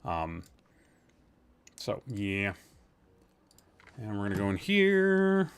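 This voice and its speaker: A man's voice: lowish voice, sing-song, drawn-out words, clean tone. A man hosting a live-streamed podcast from a room at home, chatting casually, rambling and teasing his chat with jokes.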